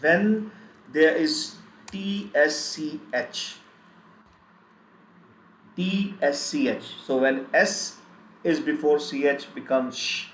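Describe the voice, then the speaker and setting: A man teaching a live online German pronunciation lesson, spelling out letters and repeating sounds in slow drills. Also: a little high, steady tone, fairly bright tone. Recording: echoey room with faint background noise.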